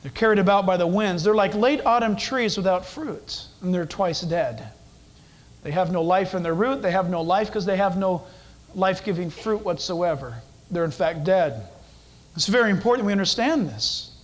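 A male pastor with a notably high voice delivering a sermon. He drives his points home by repeating phrases and throwing rhetorical questions at his listeners. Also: animated, normal speed, rough recording. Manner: emphatic, repetitive, rhetorical questions.

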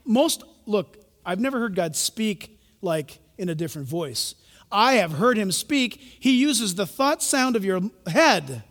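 A man preaching a sermon, telling a story and then breaking into loud, rising outbursts. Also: high voice. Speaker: pastor. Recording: long hall reverb.

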